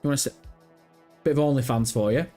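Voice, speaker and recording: A man's voice: medium pitch, quick pace, warm tone. A young man hosting a gaming livestream, chatting casually, swearing and teasing viewers in chat. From Britain. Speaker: livestream host. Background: faint background music.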